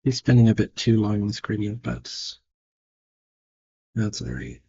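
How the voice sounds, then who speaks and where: Husky, mellow man muttering as he draws. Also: lowish voice, big pitch swings, unhurried, highs cut off. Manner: muttered, self-critical thinking aloud. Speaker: digital artist. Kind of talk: casual narration while drawing.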